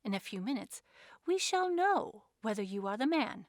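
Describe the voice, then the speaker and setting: A woman's voice: fairly high pitch, sing-song, normal speed, dry recording, clean studio sound. Earnest, grim male French detective, raised and emphatic, put on by a woman reader. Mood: intense.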